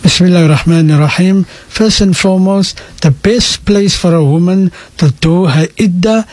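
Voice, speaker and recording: A man, a sheikh calmly explaining answers to listener questions on a radio call-in show, dropping in Afrikaans phrases. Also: high-pitched, normal speed, no room sound. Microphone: radio studio microphone.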